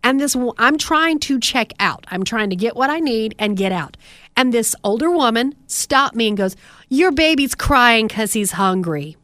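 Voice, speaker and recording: A woman in her thirties co-hosts a casual podcast, slightly high in pitch and animated as she tells her stories. She slips into indignant asides. The sound is dry and close, with no room echo. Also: moderate pace. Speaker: podcast co-host. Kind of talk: casual chat.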